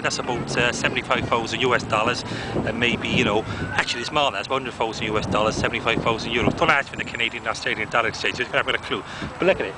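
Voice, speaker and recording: A man's voice: medium pitch, heavy background noise, close to an everyday voice. A man playing a brash, pushy salesman doing a rambling hard sell.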